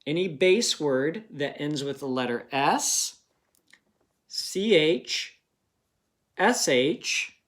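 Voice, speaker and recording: A man's voice: fairly high pitch, animated, very slow, pauses often, a bit bright. A man teaching a recorded early-grade phonics review, patiently talking to young children and checking in with frequent questions.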